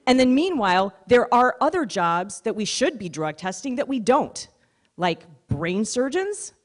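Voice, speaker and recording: A woman stand-up comedian telling stories on stage in a chatty, animated way. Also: on the high side, a little slow. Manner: conversational, animated storytelling. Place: stage at a live comedy showcase.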